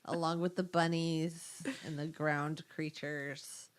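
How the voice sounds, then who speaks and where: A podcast co-host from California with a lowish voice. She chats casually and laughs a lot as she teases her co-host with crude jokes. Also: flat delivery, slow pace. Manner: laughing, joking, profane banter. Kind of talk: casual chat.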